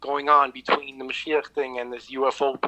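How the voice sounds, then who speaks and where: A man's voice: medium pitch, flat delivery, brisk, sharp tone, low-quality recording. A man co-hosting a casual podcast over an online call, rambling and joking with stammered restarts. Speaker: podcast co-host. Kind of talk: casual chat. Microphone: online call with cheap mic.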